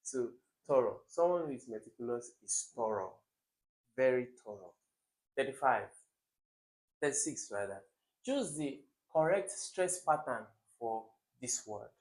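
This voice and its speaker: A man's voice: mid-range voice, animated, a little slow, darkish tone. A young man tutoring English for exams, emphatic, repeating words and quizzing the viewer. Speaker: exam tutor. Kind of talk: recorded exam-prep lesson.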